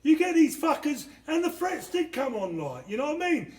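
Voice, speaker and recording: A man telling stories in a casual interview, blunt and animated, swearing constantly. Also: very high voice, moderate pace. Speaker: interviewee, former doorman. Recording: echoey room.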